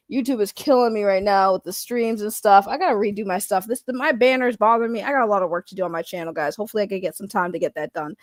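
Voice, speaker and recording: A woman's voice: medium pitch, dry recording, studio quality. A woman chatting casually on a live stream, greeting her chat, swearing now and then and sounding worn out from work. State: tired from work.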